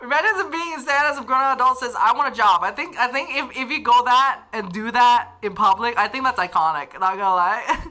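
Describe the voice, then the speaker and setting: A woman's voice: on the high side, bright, forceful tone. A young woman from Northern Ireland with a Northern Irish accent, chatting casually on a livestream and reading viewer comments, giggly and rambling with lots of restarts. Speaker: livestream host.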